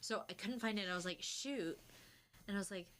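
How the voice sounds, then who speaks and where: Animated young woman telling a story. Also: a little fast. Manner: animated storyteller, acts out quotes with big pitch jumps. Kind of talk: casual storytelling chat.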